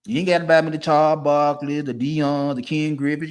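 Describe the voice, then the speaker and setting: A man, ranting casually and profanely, swinging from low mutters to loud, emphatic bursts. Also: flat delivery, fairly quick, clear, resonant tone. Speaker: streamer giving opinions.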